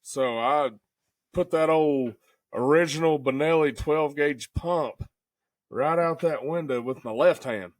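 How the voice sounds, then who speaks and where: A podcast co-host with a high-leaning male voice tells a hunting story at an unhurried pace, with no echo. He's a folksy, casual storyteller who says "buddy" and "dude" a lot.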